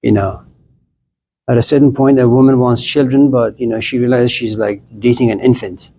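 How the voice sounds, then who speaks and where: A man's voice: mid-range voice, steady tone, normal speed, dark tone, breathy edge. A middle-aged man giving a casual, blunt classroom lecture on philosophy, chatting straight at his students and acting out little scenes.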